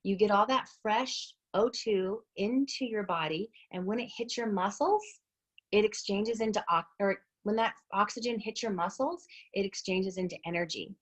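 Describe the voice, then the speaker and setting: A woman in her thirties, a fitness instructor, giving a chatty, encouraging group talk and coaching listeners through deep breathing. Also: normal speed.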